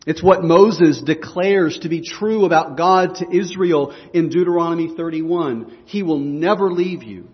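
A man's voice: high voice, big-room sound, dull audio. A man preaching a sermon as pastor, earnest and emphatic, often restarting his phrases.

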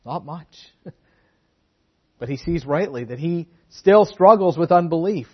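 A man preaching a sermon in an earnest way, often doubling back on his words to press a point. His voice is husky, and it comes through a dull, lo-fi recording. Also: a little high, expressive, unhurried. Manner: earnest, repeats words for emphasis.

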